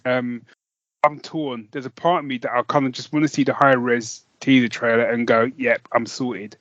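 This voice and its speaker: A man's voice: medium pitch, fairly even intonation, normal speed, fairly bright tone, no room sound. Enthusiastic British man, dry lo-fi sound. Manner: enthusiastic, rambling, laughs often. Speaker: podcast co-host. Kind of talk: casual chat. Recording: dull lo-fi dry recording.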